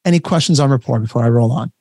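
A man coaching a workshop over a video call, talking in an energetic, conversational and emphatic way. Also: mid-range voice, very fast, dry recording, studio quality. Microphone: webcam setup, facing camera.

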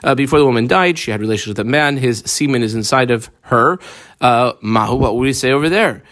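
A man teaching a Talmud lesson, reading Aramaic phrases and explaining them in English with many pauses and fillers. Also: medium pitch, fairly bright tone.

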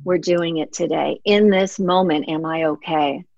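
A woman's voice: fairly low pitch, steady tone, unhurried, creaky, darkish tone, no room sound, lo-fi sound. A middle-aged woman, an author and guest, speaking earnestly and from the heart in a reflective interview, often acting out her own past words.

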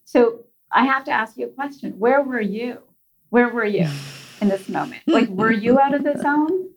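A woman calmly explaining coping techniques in a casual advice chat, enthusiastic and explanatory. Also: fairly high pitch, moderate pace, dull audio. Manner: enthusiastic, explanatory, addresses host by name. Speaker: guest expert.

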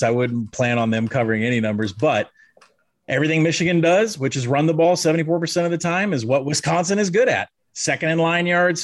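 Man, mid pitch, podcast co-host, stats-heavy, wry casual betting talk. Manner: quick stats-heavy delivery, wry asides. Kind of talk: casual sports betting chat.

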